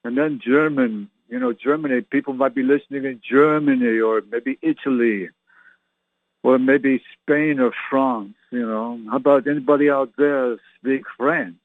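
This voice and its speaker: A man's voice: mid-range voice, steady tone, moderate pace, no echo. Older man in his sixties, rambling solo host, chatty and jokey, recorded dry over a tinny phone-like line. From Canada. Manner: chatty, joking, meandering. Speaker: show host. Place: enclosed patio at home.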